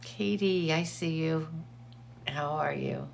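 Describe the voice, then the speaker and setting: A woman hosts a casual livestream, talking slowly in a low voice. Her tone has a gravelly fry, and she chats warmly with viewers, calling out their names between updates. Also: slight background noise. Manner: chatty, greets viewers by name between updates. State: teary eyes from allergies. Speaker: livestream host.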